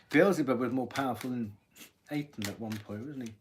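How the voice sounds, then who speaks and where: A man giving a live-stream tarot reading, thinking aloud as he draws cards and often clearing his throat. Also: medium pitch, expressive, normal speed, a little hiss or hum. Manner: musing aloud while drawing cards, frequent throat-clearing. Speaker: tarot reader.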